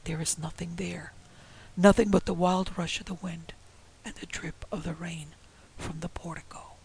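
A man reading a ghost story aloud in a dramatic, hushed way that drops often into whispers. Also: high voice, fairly even intonation, moderate pace, vocal fry, slight background noise, poor audio. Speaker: narrator.

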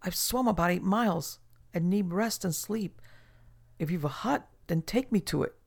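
A man reading aloud, voicing an indignant shipwrecked gentleman who questions brusquely. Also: high-pitched, animated, normal speed, gravelly, exaggerated voice. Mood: impatient.

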